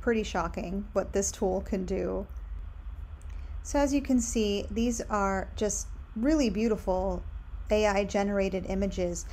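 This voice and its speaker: This screen-share tutorial features a young woman who runs a candle brand, talking casually and cheerfully as she clicks through design tools and recommends plenty along the way. She has a medium-pitched voice with a darkish tone.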